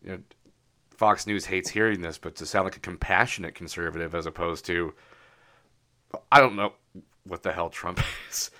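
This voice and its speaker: A man with a low, deep voice and a bright, forceful tone talks loosely on a podcast. He rambles, fills gaps with "you know" and laughs easily. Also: steady tone, moderate pace, pauses often. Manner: rambling, laughs often, many fillers. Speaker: podcast co-host. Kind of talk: casual political chat.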